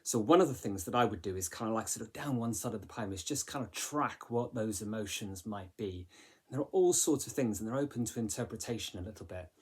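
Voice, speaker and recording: A man's voice: lowish voice, expressive, fast talker, darkish tone, husky. A man teaching a literature lesson in a chatty way, with many fillers and rhetorical questions. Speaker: English teacher.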